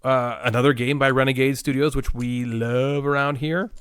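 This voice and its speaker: A man's voice: mid-range voice, fairly even intonation, normal speed, fairly bright tone, clear, resonant tone, no room sound. A man co-hosting a casual podcast, chatting playfully and laughing at himself while unsure of his words. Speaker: podcast co-host. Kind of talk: casual chat.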